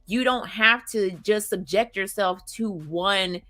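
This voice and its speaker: A woman co-hosting a podcast, talking in a quick, emphatic way and laughing often. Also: medium pitch, bright, forceful tone, dry recording, faint music behind. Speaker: podcast co-host. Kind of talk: casual chat.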